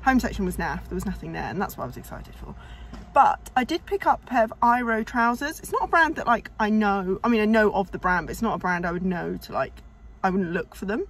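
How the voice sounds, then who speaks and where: Here a young vlogger talks quickly with lively, bouncing intonation in a medium-pitched voice. Slightly breathless, she rambles to the camera at home and later from inside a parked car.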